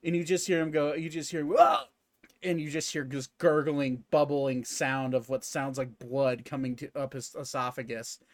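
A man narrating as game master of a tabletop game in a casual, halting way with many fillers. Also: mid-range voice, level tone, no echo, studio quality.

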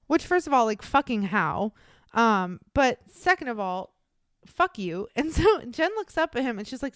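Young woman, podcast host, casual storytelling, swears freely, clear smooth voice, dry close sound. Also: fairly high pitch, sing-song, moderate pace, no room sound. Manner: blunt and profane, many fillers like "like". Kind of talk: casual true-crime storytelling.

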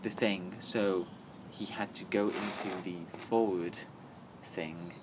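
A man co-hosting a podcast, chatting casually and retelling a plot in a halting, rambling way full of fillers and restarts. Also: sits low, steady tone, background noise. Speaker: podcast co-host. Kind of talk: casual chat.

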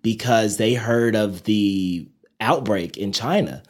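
A man in his thirties, a nurse and interview guest, telling stories in a casual, animated way with many fillers. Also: lowish voice, slow. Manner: animated storyteller, quotes people in lively voices, many fillers.

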